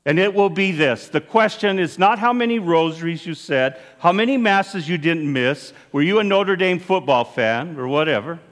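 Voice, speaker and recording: A man delivers an earnest sermon from the pulpit, his voice pitched high and swinging widely as he stresses each point. The sound carries a long church reverb around him. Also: normal speed, hardly any pauses. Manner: earnest, animated preaching with rising and falling emphasis. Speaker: priest.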